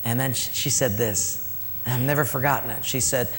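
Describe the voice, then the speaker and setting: A man pastor preaching a storytelling sermon, swinging between loud and hushed. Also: mid-range voice, fairly even intonation, a little fast, a little hiss or hum. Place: church. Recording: reverberant hall, faint ambience.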